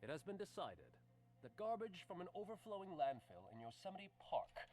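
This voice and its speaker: A man's voice: high voice, sing-song, moderate pace, a little mellow. An actor playing a polished male news anchor in a video game, reading scripted corporate broadcasts. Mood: promotional.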